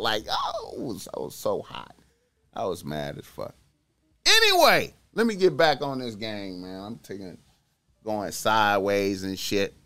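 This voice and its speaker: A man streaming to his chat, rambling through a profane, slangy story that drops to low mumbles and jumps to loud outbursts. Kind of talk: casual rambling monologue.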